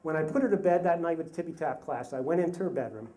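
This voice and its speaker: A man in his fifties telling a comic personal story live on stage, with self-mocking humor and halting restarts. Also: on the high side, warm tone. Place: stage before a live audience.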